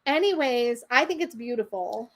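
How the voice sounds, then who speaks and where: Chatty high-voiced woman gushing over cards. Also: expressive, a bit bright. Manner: gushing, self-deprecating, quick to laugh. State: slight tickly throat, coughing. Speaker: co-host of a tarot livestream. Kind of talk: casual live-stream chat.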